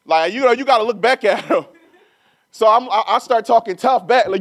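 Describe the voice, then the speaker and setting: A man's voice: sits high, fairly quick, fairly bright tone, no echo. A middle-aged man preaching a sermon, telling a personal story casually and then building to emphatic, rising preaching.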